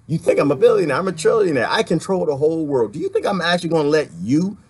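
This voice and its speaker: A man's voice: a little high, lively intonation, quick pace, darkish tone, breathy edge. A man from the Washington, D.C. area, ranting sarcastically in a livestream while reading viewer comments, laughing often between points.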